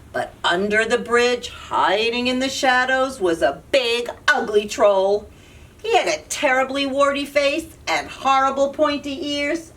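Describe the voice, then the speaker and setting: Slow animated storytime woman. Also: a little high, recorded from a distance. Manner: slow, animated read-aloud. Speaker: children's librarian. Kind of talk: storytime read-aloud.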